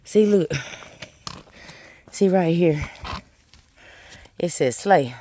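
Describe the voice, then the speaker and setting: Man, trail vlogger, outdoors, phone camera, unhurried, exclamatory, light background noise. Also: a little high, animated, mellow. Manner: chatty and exclamatory, calls viewers honey and y'all. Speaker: thru-hiker vlogger. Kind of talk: casual vlog while hiking.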